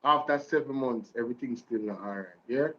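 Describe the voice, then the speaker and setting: A man's voice: medium pitch, a little fast, lo-fi sound, background noise. Jamaican man giving fiery commentary. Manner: preacher-like, repeats lines, addresses viewers as "ladies and gentlemen" and "Jamaica". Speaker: commentary vlog host. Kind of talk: political commentary.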